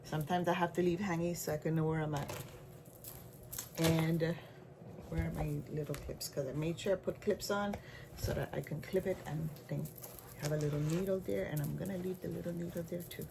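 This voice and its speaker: A woman with a Caribbean accent and a slightly low voice, talking in a loose, rambling show-and-tell way. She circles back and restarts her sentences often. A faint hiss sits under her voice. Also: steady tone, fairly quick, vocal fry. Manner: chatty and rambling, with frequent restarts and asides. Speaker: stitching vlogger. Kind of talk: casual show-and-tell chat.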